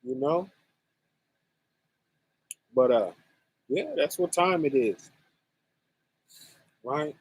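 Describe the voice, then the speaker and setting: Slow-talking man teaching scripture. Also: a little high. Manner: slow and deliberate, addressing chat viewers directly; conversational, with frequent "right?" and "you know". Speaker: host of a religious online conference. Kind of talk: casual livestream teaching on scripture.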